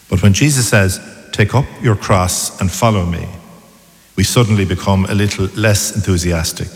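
Man preaching in a reverberant church. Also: fairly low pitch. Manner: measured, reflective preaching. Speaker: priest. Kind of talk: sermon.

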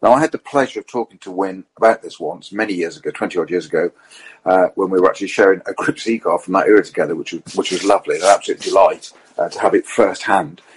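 A man's voice: low-pitched, quick pace, slightly rough, rough recording. A man telling racing anecdotes in a casual chat, quoting people as he goes. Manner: animated storyteller who quotes others in their own voice.

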